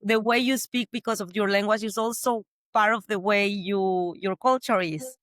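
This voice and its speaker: A woman's voice: mid-range voice, moderate pace, no echo, studio quality. A middle-aged woman with a Spanish accent, a guest in an interview, telling stories with frequent restarts. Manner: animated storytelling with frequent restarts and laughs. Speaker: guest, entrepreneur. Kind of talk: casual interview conversation.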